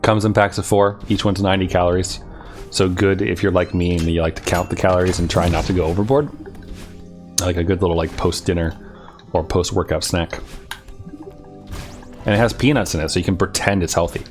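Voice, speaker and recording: A very deep-voiced man rambles casually to his stream viewers, trailing off into loose asides and making fun of himself. Faint music plays quietly under his voice. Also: fairly even intonation, a little fast, pauses often. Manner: rambling, self-deprecating, laughing at his own jokes.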